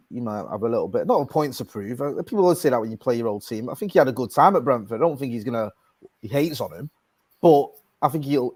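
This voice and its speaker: A man's voice: mid-range voice, a little mellow, no echo. A man giving his views as a panelist in a casual football chat, rambling with many fillers and restarts.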